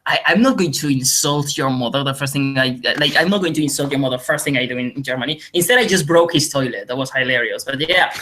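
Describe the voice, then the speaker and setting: A man from Spain with a Spanish accent, talking very fast and excitably in a casual group chat. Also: medium pitch, a little hiss or hum. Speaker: podcast regular.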